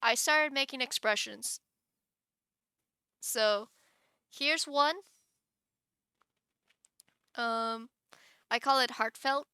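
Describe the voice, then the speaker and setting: A woman's voice: fairly high pitch, very slow, long pauses, pushed and bright, clean tone, no echo. A woman streamer chatting casually on a live stream, giggling often and rambling with many restarts.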